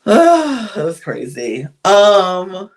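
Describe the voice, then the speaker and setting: A woman's voice: medium pitch, huge pitch swings, extremely slow. A woman hosting a podcast, giving a candid, chatty recap of a reality show, with frequent sighs and laughs. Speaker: podcast host.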